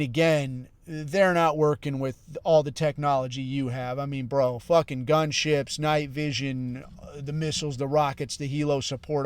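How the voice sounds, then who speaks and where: A man's voice: fairly high pitch, no room sound. A middle-aged man hosting a podcast, ranting casually with heavy swearing and a constant "dude" and "bro.". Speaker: podcast host. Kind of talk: casual profane rant.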